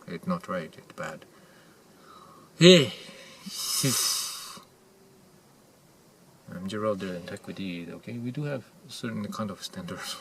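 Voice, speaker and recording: Male actor as an odd, earnest self-help guru with a deep voice, broken grammar, whisper-to-shout delivery, recorded far off. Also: exaggerated voice. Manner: swings between hushed whispers and loud exclamations. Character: eccentric male motivational guru, intense and earnest. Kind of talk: character monologue to camera. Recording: distant mic with faint ambient noise.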